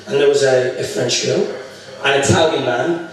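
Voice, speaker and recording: A man's voice: medium pitch, normal speed. A British man doing a live stand-up comedy set, crude and full of swearing, often restarting his sentences. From Britain. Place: comedy club. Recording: echoey room from far off.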